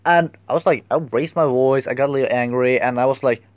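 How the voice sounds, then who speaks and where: Young man, rambling and halting. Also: mid-range voice, dry recording. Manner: rambling and halting, searching for words. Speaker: vlogger. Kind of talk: casual storytelling vlog.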